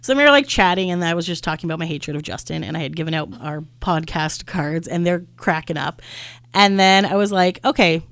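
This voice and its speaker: A woman's voice: lowish voice, lively intonation, a little fast, fairly bright tone, no room sound. Chatty woman telling a story. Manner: chatty storyteller acting out quotes, lots of "like". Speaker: podcast host. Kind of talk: casual chat.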